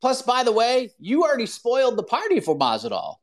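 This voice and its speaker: A man hosting a live call-in show, ranting in an animated, opinionated way full of "like" fillers. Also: very high-pitched, brisk. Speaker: podcast host.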